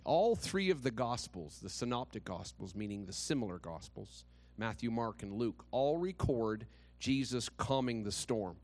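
A man's voice: medium pitch, expressive, moderate pace, hardly any pauses, darkish tone. A male pastor preaching a sermon in a conversational, dramatic storytelling manner with touches of humor.

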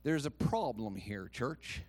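A man pastor preaching a sermon. He swings from hushed asides to loud, shouted declarations and asks many rhetorical questions. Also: medium pitch, expressive, slow, dry recording.

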